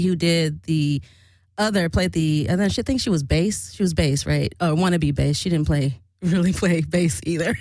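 A woman's voice: on the low side, dry recording. A woman chatting casually to her camera about her old band, rambling and frank with swearing and frequent laughter.

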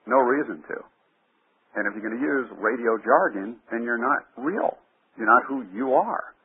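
A man's voice: mid-range voice, expressive, moderate pace, breathy edge. A man who coaches radio talk hosts, giving punchy, emphatic advice in short lines during an interview. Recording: phone-line sound.

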